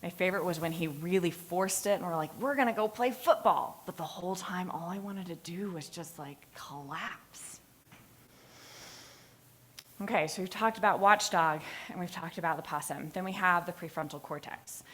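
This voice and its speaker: A woman's voice: fairly low pitch, a little fast, hardly any pauses. A woman giving a class presentation, telling stories with energy, acting out moments and laughing at herself. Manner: animated storytelling, acting out moments; laughs at her own stories. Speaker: student presenter. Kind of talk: lively capstone presentation.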